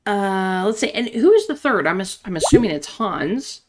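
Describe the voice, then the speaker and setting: A woman's voice: mid-range voice, background noise. Chatty woman reading game chats aloud. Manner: reads lines aloud, chatty asides, frequent laughs. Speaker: gaming channel host.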